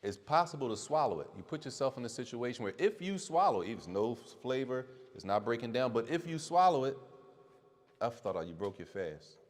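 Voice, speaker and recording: A man's voice: medium pitch, animated, fairly quick, few pauses. A man teaching a casual religious class, repeating his points for emphasis and quizzing the people listening. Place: mosque or community center hall. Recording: long hall reverb.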